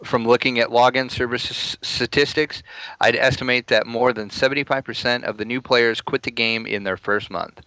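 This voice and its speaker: Bright-voiced man reading a comment. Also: medium pitch, fairly even intonation, normal speed, dry recording, low-quality recording. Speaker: podcast co-host reading a listener comment. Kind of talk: reading aloud.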